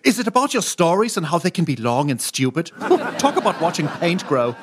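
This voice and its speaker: A man's voice: on the high side, sing-song, fairly quick, crowd noise, background noise. A man acting in a sitcom, talking in quirky, mangled English idioms. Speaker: lead of a comedy series.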